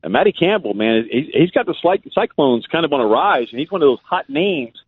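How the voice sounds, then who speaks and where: A man's voice: fairly high pitch, sing-song, a little fast, husky, dry recording. A man with a Louisiana accent, a guest radio host talking in a folksy, rambling way full of "uh"s. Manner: folksy, drawling, lots of "uh" fillers. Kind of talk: casual radio chat. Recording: phone-like call-in line.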